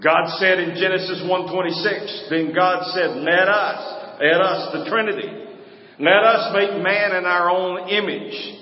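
A man's voice: high-pitched, fairly even intonation, measured pace. A man preaching a sermon, with an emphatic, sing-song cadence and sudden swings in volume. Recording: echoey hall, dull sound.

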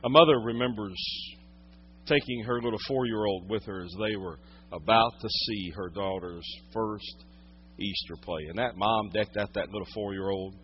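A male pastor preaching a sermon, swinging from hushed, intimate moments to loud, dramatic storytelling. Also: mid-range voice, muffled recording, slight background noise.

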